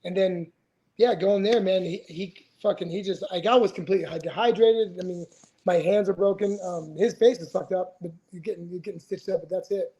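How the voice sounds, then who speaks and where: A retired fighter in his forties, appearing as a podcast guest in a casual storytelling interview, tells stories in a rambling, profane way with plenty of restarts. His voice sits high and is mellow, his pace a little fast, and the recording is muffled.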